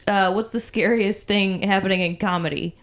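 A woman's voice: mid-range voice, fairly even intonation, slight background noise. A woman hosting a casual podcast chat, asking questions and laughing along. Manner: laughing, quick reactions. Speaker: podcast host.

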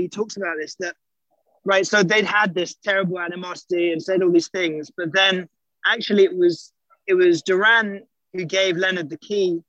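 A man's voice: high voice, bright, forceful tone, no room sound, highs cut off. A man, a documentary director as guest, giving reflective interview answers with frequent restarts.

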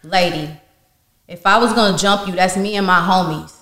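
A woman's voice: lowish voice, moderate pace. Candid woman telling a story, roomy sound. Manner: animated and candid, laughing through the story. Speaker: podcast guest. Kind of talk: casual storytelling. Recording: roomy reverberant room.

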